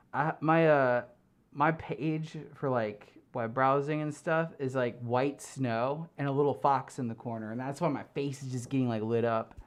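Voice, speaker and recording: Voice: mid-range voice, clear, resonant tone. Rambling, giggly streamer chatting through a fursuit, reading comments from the chat. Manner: rambling and giggly, full of fillers. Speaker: live streamer. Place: home streaming room.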